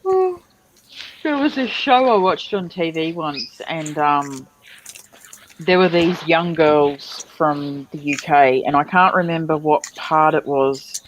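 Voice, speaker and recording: A woman in casual chat, unhurried and searching for her words. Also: sits low, expressive, slight background noise, rough recording. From Australia.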